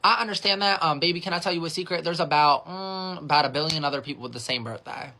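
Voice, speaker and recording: A man who works in phone customer service tells a casual storytime with a sassy, chatty manner and a voice higher than most men's. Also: fast, sharp tone, a little hiss or hum. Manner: chatty and sassy, fills with 'like'.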